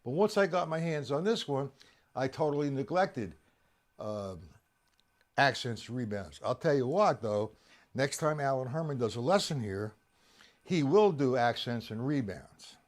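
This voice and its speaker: A man's voice: mid-range voice, expressive, unhurried. A middle-aged man teaching a live-streamed drum lesson, explaining to viewers and addressing them by name.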